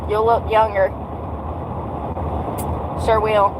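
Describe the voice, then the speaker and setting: A woman's voice: medium pitch, level tone, drawn-out words, noisy background. A woman around forty, venting in a blunt, sarcastic, profane vlog rant while out walking. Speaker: vlogger.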